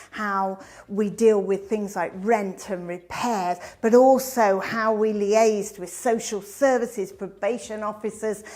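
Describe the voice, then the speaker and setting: A middle-aged woman tells her own life story as a presentation. She is an animated storyteller who swings from bright emphasis to hushed asides. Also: mid-range voice.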